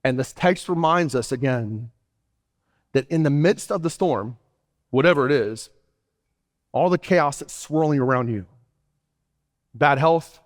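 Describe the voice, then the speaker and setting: A man preaching an emphatic sermon as pastor, his pace often shifting. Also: fairly high pitch. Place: church sanctuary. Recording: church hall reverb.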